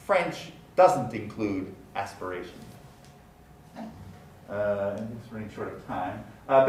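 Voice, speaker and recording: A man lecturing on phonetics, speaking deliberately and repeating example words to demonstrate sounds. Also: medium pitch, a little hiss or hum. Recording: echoey room, mic at a distance, faint ambience.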